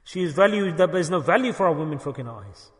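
A man preaching a sermon, telling a story with passion and rising to loud, emphatic peaks. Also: a little high, expressive, quick pace. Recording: long hall reverb.

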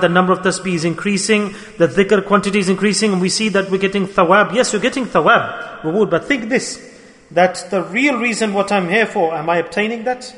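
A man with a fairly high voice delivers a storytelling sermon, earnest and repetitive, pressing his points with rhetorical questions. His words ring out with a long reverb, as if in a large hall. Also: fairly bright tone. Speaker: preacher.

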